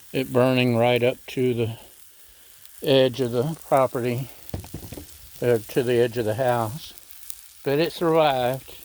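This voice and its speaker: A man hosting a casual cooking vlog, talking in a slow, rambling, folksy way with many fillers. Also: medium pitch, darkish tone, slight background noise. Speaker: cooking channel host. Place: outdoor griddle cook station. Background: food sizzling on a griddle.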